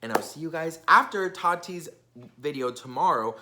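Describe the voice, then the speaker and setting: Young male vlogger, gossipy storytime chatter, bright tense tone. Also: a little high, expressive, normal speed, a little hiss or hum. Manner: chatty and gossipy, many fillers. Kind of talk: casual storytime vlog.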